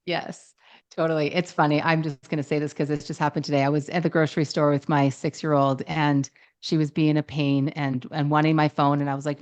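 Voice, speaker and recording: A woman with a low voice co-hosts a casual relationship podcast as a therapist. She tells stories in conversation, acting out quotes and restarting her sentences often. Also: a little fast. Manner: storytelling, animated quotes with many restarts. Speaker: relationship psychologist podcast co-host.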